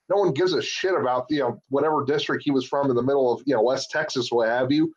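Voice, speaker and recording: Co-hosting a casual podcast, a lawyer offers blunt, profane opinions and sounds a little worn out from talking all day. His voice runs on the high side, quick with few pauses, and the audio is dull.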